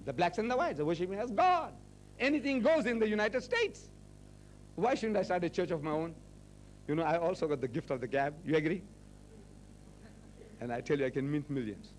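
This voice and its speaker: A man's voice: on the high side, slight background noise, poor audio. A man in his sixties giving a public lecture to a university audience, rhetorical and teasing, hammering points home with repetition. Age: 60s. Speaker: Muslim lecturer.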